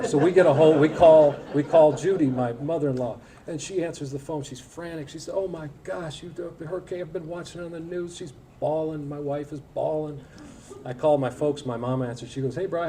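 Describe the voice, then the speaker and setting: A man's voice: mid-range voice, distant mic, background noise. A man in his forties, an alumni guest speaker, telling anecdotes to an audience in a folksy, humorous way with lots of filler words. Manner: folksy storytelling with frequent filler words and self-deprecating humor. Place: event hall at a school breakfast.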